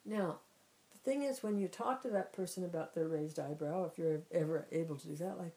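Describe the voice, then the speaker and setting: Woman teacher, lowish voice, chatty and repetitive in a talk on a spiritual theme. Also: a little fast, mellow, rough recording. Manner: conversational, frequent "you know", restarts and repeats.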